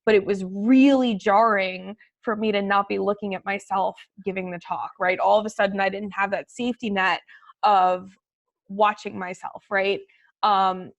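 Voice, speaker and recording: A woman guest on a webinar, talking in an animated, emphatic way and laughing easily. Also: medium pitch. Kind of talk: casual webinar chat.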